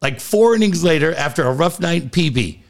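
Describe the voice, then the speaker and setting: Male host, swears freely, animated range, slightly high voice, loose studio chat. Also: a little fast, vocal fry. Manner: profane storytelling, animated quoted voices. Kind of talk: casual chat.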